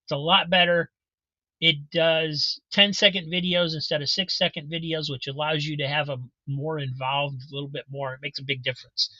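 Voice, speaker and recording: A man talks at length over a video call, circling back and repeating himself. His voice sits a bit high and sounds very bright. The audio is dry and a little muffled. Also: little pitch movement, normal speed, dry recording. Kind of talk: casual chat on a video call.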